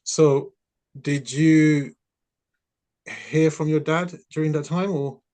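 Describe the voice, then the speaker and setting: A male interviewer with a fairly high voice, asking easygoing questions. He keeps the guest talking with quick encouraging replies. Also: fairly even intonation, mellow. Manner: encouraging, many short backchannels. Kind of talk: casual interview.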